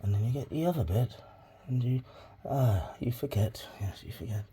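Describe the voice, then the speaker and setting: A man's voice: medium pitch, lively intonation, moderate pace, mellow, a little hiss or hum. Swearing, rambling man at his crafts. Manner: rambling, swears freely, mutters asides under his breath. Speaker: crafting hobby vlogger. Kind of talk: casual crafting tutorial.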